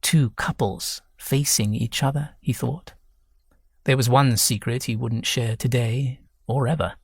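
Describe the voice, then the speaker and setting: A man narrating a novel audiobook in a measured, even reading. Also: medium pitch, gravelly, slightly rough, dry recording, clean studio sound. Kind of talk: scripted narration.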